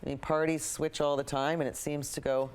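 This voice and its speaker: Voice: mid-range voice, flat delivery, fairly quick, darkish tone, clear, resonant tone. A painting show host talks casually as they work, drifting from personal opinions back to the painting. The delivery is loose and rambling, with many fillers, repeated phrases and sentences that start over midway. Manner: repeats itself, often restarts sentences. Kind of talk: casual chat while painting.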